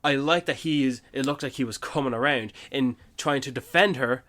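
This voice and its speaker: A man co-hosting a film podcast at a medium pitch, chatting casually. His delivery is halting, with frequent restarts and repeated words as he works through his points. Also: a bit bright. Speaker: podcast co-host.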